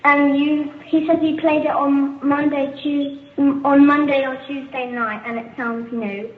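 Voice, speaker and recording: A woman's voice: high-pitched, level tone, unhurried, reverberant. A woman calling in to a show, talking hesitantly. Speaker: caller. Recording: tinny phone line.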